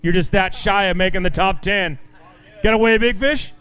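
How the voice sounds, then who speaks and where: A man's voice: high-pitched, normal speed, fairly bright tone, clean tone. A man emceeing a fishing tournament weigh-in, announcing weights in an upbeat way and joking with the anglers.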